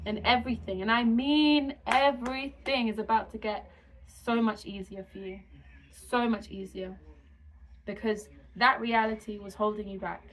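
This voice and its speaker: A woman channeling a spiritual message to her viewers, speaking slowly and soothingly in repeated affirmations. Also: mid-range voice, fairly even intonation, poor audio. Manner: slow, soothing, repetitive affirmations.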